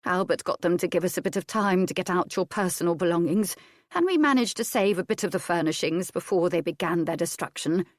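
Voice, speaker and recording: A woman reads a proud old female servant who snaps at her mistress in a sharp, scolding tone. The voice sits low and the recording is dry and close. It is an audiobook reading. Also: fairly quick, dry recording, close to an everyday voice. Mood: bitter.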